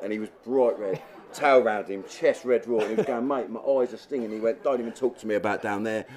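A man's voice: mid-range voice, brisk, a crowd in the background. A man, a guest angler, telling chuckling anecdotes on a live stage and acting out quotes.

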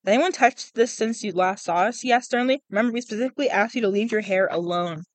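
A woman's voice: on the high side, fast, no echo, poor audio. A young woman hosting a casual podcast, reading a book aloud and chatting, often tripping over words and laughing, on a cheap small mic outdoors. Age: young adult. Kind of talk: casual read-aloud with chat. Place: outdoors in a public spot. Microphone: cheap small microphone.

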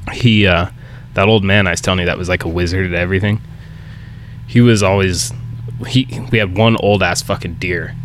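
A man's voice: deep voice, a bit bright, slight background noise. A man hosting a podcast, telling job-site stories casually and swearing freely. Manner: swears freely, acts out quotes. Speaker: podcast host. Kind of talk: casual storytelling chat.

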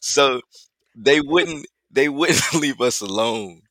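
Bright-voiced guy on a podcast, telling a funny story, dry close mic. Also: mid-range voice, slow pace, dry recording. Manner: animated, laughing, mimics voices in quotes. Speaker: podcast co-host. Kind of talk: casual storytelling chat.

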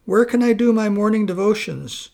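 A man's voice: sits high, normal speed, gravelly, a little mellow, pitched above the performer's own voice. A man voicing a bewildered, earnest husband in a spoken story. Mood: perplexed. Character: meek, puzzled devout husband.

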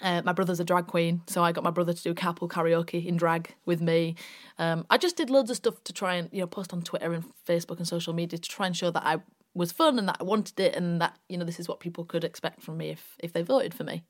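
A woman's voice: fairly low pitch, fairly even intonation, fast talker. A young woman from Bradford with a West Yorkshire accent, a radio presenter telling stories at length in a casual interview. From Bradford, West Yorkshire, England. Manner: chatty, long-winded storytelling. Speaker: radio presenter, podcast guest.

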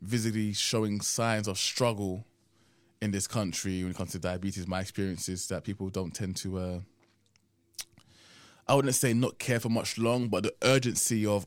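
A man's voice: fairly low pitch, fairly even intonation, moderate pace, no echo. A young man hosting a casual solo podcast, rambling conversationally and often adding "man", sounding tired and drowsy. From United Kingdom. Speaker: podcast host.

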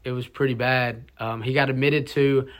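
A young man, a college student, tells a personal testimony in a halting, emotional way, with many restarts and fillers. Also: medium pitch, steady tone. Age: young adult.

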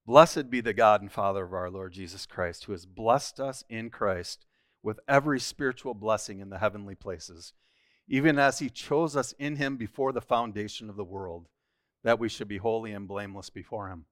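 A man's voice: mid-range voice, normal speed, fairly bright tone, no echo, clean studio sound. A man teaching a church Bible study, reading scripture aloud and then explaining it earnestly, often restarting a phrase.

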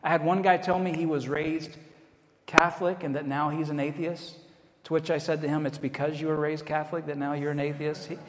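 American pastor preaching in an echoey hall. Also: male voice, on the high side. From United States. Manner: conversational, with self-deprecating asides. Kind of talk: sermon. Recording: echoey hall, long reverb.

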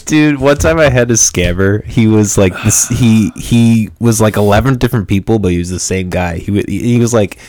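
A man's voice: lowish voice, moderate pace, hardly any pauses, a little mellow, no room sound. A young man hosting a podcast in casual chat, laid-back, laughing often and swearing casually. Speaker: podcast host.

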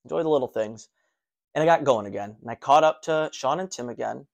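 A man telling his own running story in a casual, animated way, restarting sentences as he goes. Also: medium pitch, brisk, vocal fry. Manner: animated, breathless recounting with restarts.

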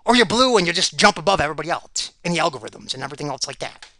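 A man's voice: on the high side, animated, racing, pushed and bright. A man giving rambling solo commentary on fight picks, sarcastic and ranting, repeating himself.

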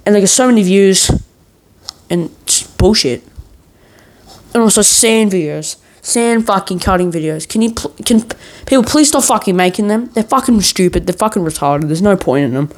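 A man's voice: sits high, animated, normal speed. Foul-mouthed guy ranting. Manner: worked-up, swears constantly. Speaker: vlogger. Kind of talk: profane ranting monologue.

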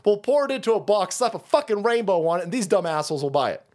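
This is a greedy male cereal-company boss, put on by a man. He talks in a brash, sneering way about his customers. The voice sits higher than the speaker's everyday register and sounds openly mocking. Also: very animated, fast talker, a little mellow.

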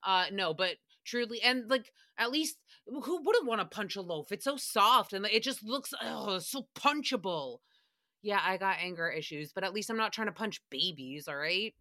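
A woman's voice: mid-range voice, lively intonation, moderate pace, pushed and bright, dry recording, clean studio sound. A woman hosting a casual solo recap podcast, ranting in a sassy, profane way and slipping into mock voices for quotes. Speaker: podcast host.

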